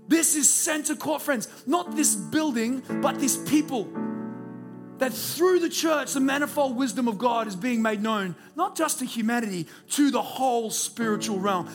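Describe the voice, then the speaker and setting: A man's voice: very high voice, moderate pace, music in the background. A man preaching a conversational sermon at a church service. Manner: conversational, rhetorical questions. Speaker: pastor.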